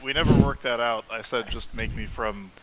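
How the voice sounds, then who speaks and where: A man's voice: mid-range voice, normal speed, low-quality recording. A man playing in a tabletop game, joking and swearing freely in casual banter. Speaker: player.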